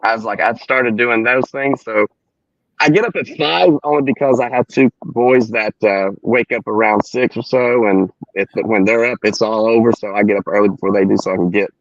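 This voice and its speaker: A man in his forties from Tennessee with a Southern country accent, chatting relaxed as a podcast guest and laughing easily. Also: fairly low pitch, moderate pace, creaky, dry recording. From Tennessee, USA. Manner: relaxed drawl, laughs easily, rambling storyteller. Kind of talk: casual podcast chat. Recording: dull, lo-fi, dry sound.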